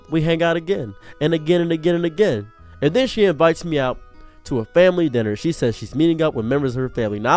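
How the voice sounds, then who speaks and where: A young man tells a comedic personal story in a lively, joking way, his voice sitting a bit high for a man. Soft music plays faintly behind him. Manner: animated, jokey, bursts into higher acted quotes. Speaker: streamer telling a story.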